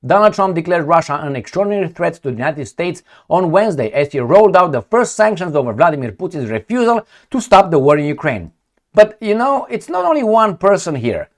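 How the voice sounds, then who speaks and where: Blunt sarcastic male commentator, lively pitch. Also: brisk. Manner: blunt, sarcastic, mocking asides. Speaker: political commentary vlogger. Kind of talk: casual political commentary.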